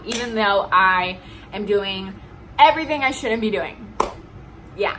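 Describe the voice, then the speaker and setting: A woman's voice: a little high, unhurried, fairly bright tone, a little hiss or hum, low-quality recording. A young woman venting in a heated, profane rant to her vlog viewers. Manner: heated, profane, emphatic ranting. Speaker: vlogger. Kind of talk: ranting vlog.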